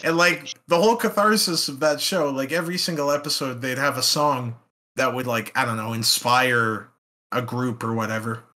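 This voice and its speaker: A young man co-hosts a casual podcast, his mid-range voice steady in tone, pushed and bright. He jokes and swears, laughs a lot, and slips into quick silly voices.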